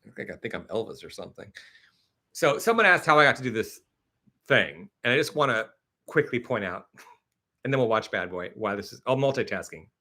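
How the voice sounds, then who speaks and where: Male live-stream host with a bright, forceful tone. He chats casually and tells stories with lots of fillers. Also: medium pitch, brisk. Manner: chatty, animated storytelling with many fillers; reads and answers viewer comments.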